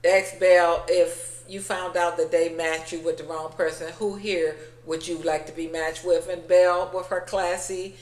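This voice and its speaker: A woman's voice: lowish voice, level tone, normal speed, hardly any pauses, a little mellow, echoey room, low-quality recording. A woman giving a blunt, sassy, casual recap of a reality TV episode, acting out the quoted lines as she goes. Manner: sassy, blunt, retells scenes with quoted voices.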